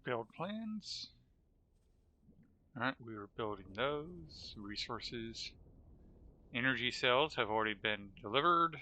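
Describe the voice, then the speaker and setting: A man's voice: mid-range voice, big pitch swings, slow, pauses often, bright, forceful tone. A man streaming a game live, chatting casually and thinking aloud as he plays. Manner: thinks aloud while playing, chatty asides. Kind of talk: casual live-stream chat while playing.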